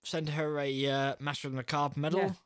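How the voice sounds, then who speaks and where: A man's voice: fairly high pitch, steady tone, a little fast, smooth, dry recording, studio quality. A man co-hosting a casual film review podcast, laid-back and often laughing. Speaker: podcast co-host.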